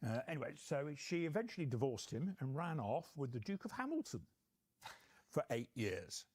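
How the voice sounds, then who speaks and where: A man's voice: medium pitch, big pitch swings, moderate pace, breathy edge. A man, a museum curator, telling history stories measuredly with many fillers. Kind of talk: informal museum talk.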